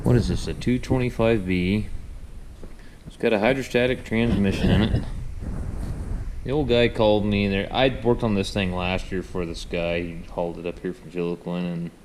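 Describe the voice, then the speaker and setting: A man's voice: sits low, steady tone, moderate pace, a little mellow, a little hiss or hum. A young man, a repair mechanic, talking casually in a rambling, folksy way with many restarts. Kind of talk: casual shop vlog talk.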